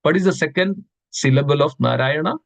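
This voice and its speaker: Man, devotional scripture class, recites verses, questions listeners, repeats words, fairly high voice, dry sound. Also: a little fast, gravelly, no room sound, rough recording. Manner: asks the audience questions, repeats words for stress. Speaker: class speaker.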